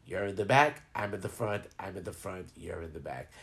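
A man telling a rambling, profane personal story and giving advice to his viewers in a casual, animated way. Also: sits low, a little fast, vocal fry.

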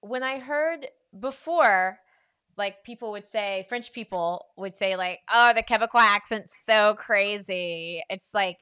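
A woman co-hosting a live chat, animated and quick to laugh. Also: mid-range voice, clean tone, dry recording. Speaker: co-host. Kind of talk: casual chat.

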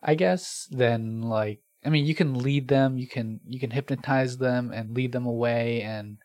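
A man's voice: medium pitch, unhurried, a little mellow, no echo. Hesitant man, dry close sound. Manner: hesitant, filler-heavy, swears casually. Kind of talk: casual chat.

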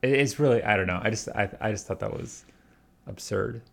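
A man rambles through a casual podcast chat and keeps restarting his sentences and hedging as he goes. His voice is low and deep and sounds loose and unpolished. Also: brisk, creaky, a bit bright. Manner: rambling, full of restarts and hedges.

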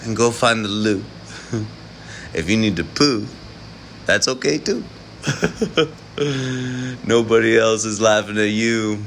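A man's voice: lowish voice, takes it slowly, vocal fry, long pauses, a bit bright, slight background noise. A man live streaming late at night, rambling and preaching in improvised rhymes and chuckling between lines.

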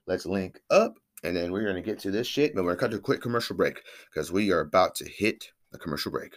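Deep-voiced, profane podcast host. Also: male voice, animated, quick pace. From Northern California. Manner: profane, rambling, hype-man delivery. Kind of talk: casual solo podcast monologue.

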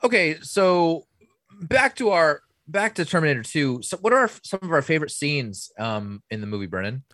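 A man's voice: on the high side, sing-song, normal speed, bright, forceful tone, no room sound. A man co-hosting a podcast, talking casually about movies in a blunt way and swearing a lot. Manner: blunt, swears often, dismissive. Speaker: podcast co-host.

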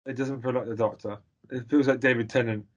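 A man's voice: mid-range voice, steady tone, fairly quick, muffled recording. A man in casual chat, blunt and rambling, swearing freely as he gives his opinions.

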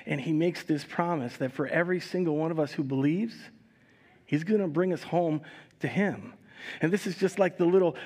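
Somewhat high-voiced male pastor preaching. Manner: conversational, relaxed asides while preaching; reads scripture expressively, raising voice for quoted speakers. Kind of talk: communion sermon with scripture reading. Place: church service, recorded live.

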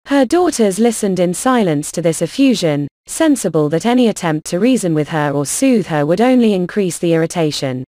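A woman narrating a classic novel as an audiobook, in an even, measured reading. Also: lowish voice, no echo, studio quality.

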